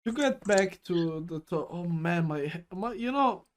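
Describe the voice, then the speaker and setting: Slow-talking rambling young man. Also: high voice, animated, slight background noise. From Germany. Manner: rambling, joking, bursts into shouting. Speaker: podcast co-host. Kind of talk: casual chat. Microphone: online voice call.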